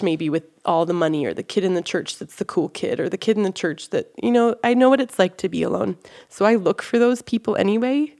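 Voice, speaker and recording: A woman's voice: fairly low pitch, a little mellow. A woman guest on a church podcast, telling a story in casual conversation and acting out the voices of the people in it. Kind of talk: casual testimony chat.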